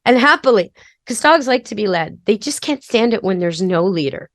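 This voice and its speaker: A woman's voice: mid-range voice, lively intonation, normal speed, no echo, studio quality. A woman pet expert hosting a podcast, giving practical, step-by-step training advice in a chatty, casual way. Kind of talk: casual instructional talk.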